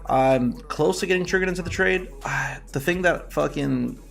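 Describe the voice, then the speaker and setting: A man's voice: a little high, moderate pace, vocal fry, soft background music. A young man casually hosting a live trading stream, chatting loosely with viewers, swearing often and breaking into laughter. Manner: loose, profane, bursts of laughter. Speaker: livestream trading host. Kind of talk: casual livestream chat with viewers.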